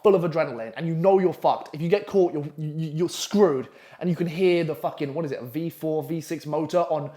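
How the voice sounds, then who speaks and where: Excitable, sweary young man. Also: on the high side. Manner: profane, animated, rambling with frequent fillers. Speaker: storyteller. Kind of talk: casual storytelling to camera.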